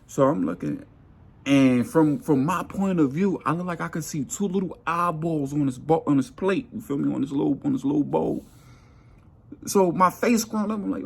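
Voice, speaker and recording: A man telling a workplace story in a casual monologue, animated, acting out his coworkers' lines. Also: normal speed, gravelly, slightly rough. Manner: animated, acts out coworkers' lines with jumps in pitch.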